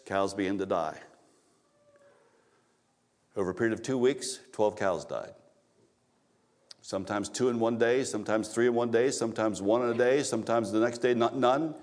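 A man, a pastor, preaching a sermon in a church, telling a personal story and repeating phrases for emphasis, with frequent restarts. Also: mid-range voice.

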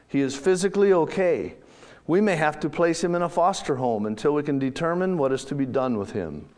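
A man's voice: fairly high pitch, fairly quick, a little mellow, close to an everyday voice. A man voicing a tall, businesslike woman social worker, speaking formally and matter-of-factly in a read-aloud story. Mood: concerned.

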